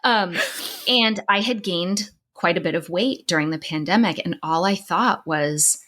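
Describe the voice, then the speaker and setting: A woman's voice: lowish voice, moderate pace, fairly bright tone. A middle-aged woman podcast host and psychologist, telling a personal story in conversation, candid and emotional with many restarts, crying at times.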